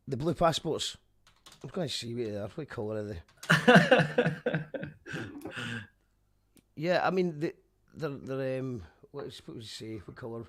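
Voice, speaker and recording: A male radio host chatting casually, halting and rambling as he talks. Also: mid-range voice. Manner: hesitant, rambling with many restarts.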